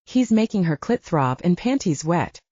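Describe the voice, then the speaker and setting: Woman, audiobook narration, expressive, low mellow voice, dry close mic, dull lo-fi sound. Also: normal speed, breathy edge, no room sound.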